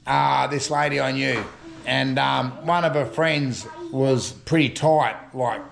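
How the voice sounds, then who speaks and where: A gravel-voiced older Australian bloke rambles through a yarn, full of slang and little chuckles. He talks at an everyday pitch, easy and unhurried, like he's chatting at home. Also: fairly even intonation, fairly bright tone. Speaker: storytelling vlogger. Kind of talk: casual yarn-spinning.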